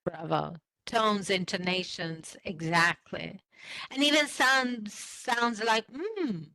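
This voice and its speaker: A woman leads an online training session for language teachers, talking slowly and stopping to ask her class questions. Her voice is bright and a little high. The sound is dry and close. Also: no echo, rough recording. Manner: slow, explanatory, asks the class questions.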